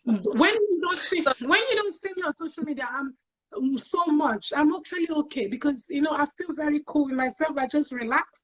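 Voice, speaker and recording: A woman's voice: high voice, expressive, fairly quick. A woman, a talk show guest, telling her own story in an earnest way and repeating phrases for emphasis. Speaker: guest sharing personal experience. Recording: dull lo-fi sound.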